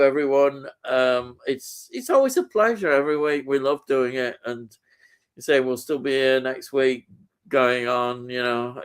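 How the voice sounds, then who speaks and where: A man's voice: mid-range voice, smooth. A man co-hosting a casual live stream, reading out viewer comments with lots of ums and easy laughter.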